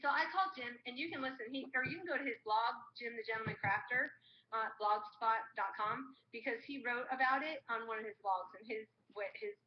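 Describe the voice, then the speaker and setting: A woman's voice: fairly high pitch, a little fast, echoey room. A woman co-hosting a live stream, telling a rambling travel story with quoted voices. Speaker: co-host. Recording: dull lo-fi live stream audio with faint noise.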